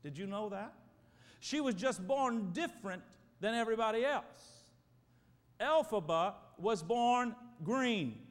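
A man's voice: sits high, animated, slow pace. A man preaching as a pastor, praying emphatically and calling on his congregation to answer. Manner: emphatic, prayerful, calls for congregation responses. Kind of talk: sermon. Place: church sanctuary. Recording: reverberant church hall.

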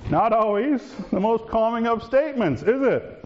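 A man preaching a sermon as pastor, swinging between raised, urgent lines and hushed, calm ones. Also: very high-pitched, moderate pace, muffled recording.

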